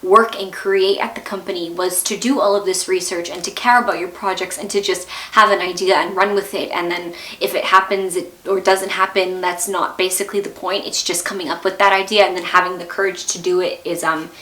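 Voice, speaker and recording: A woman's voice: lowish voice, fairly even intonation, a little fast, few pauses, pushed and bright, roomy sound. A young woman hosting a video series, emotional and rambling as she wraps up an interview. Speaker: host. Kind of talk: vlog outro.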